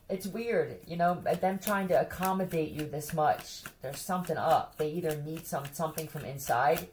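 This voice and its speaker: A woman's voice: low voice, slight background noise. A woman chatting casually with her viewers, blunt and profane, often breaking into laughter. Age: adult who has a son.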